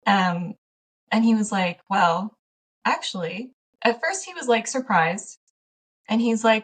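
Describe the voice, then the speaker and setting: A woman's voice: medium pitch, normal speed. A woman guest on a podcast, telling stories animatedly, laughing often and acting out past conversations. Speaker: podcast guest, small business owner. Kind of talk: casual conversational interview. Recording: slightly distant from the mic.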